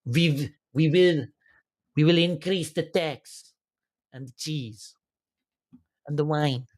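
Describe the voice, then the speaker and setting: A man's voice: on the high side, slow pace. A man putting on a fake French accent to play a smug, taunting male European official. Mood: mocking. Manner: mock-haughty, taunting.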